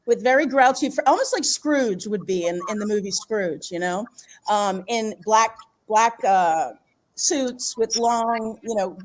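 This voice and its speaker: A middle-aged woman from the Philadelphia area telling a personal story in a casual, animated way, laughing often and acting out what people said. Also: medium pitch, measured pace, rough recording. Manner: animated, laughs often, acts out quoted voices. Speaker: podcast guest.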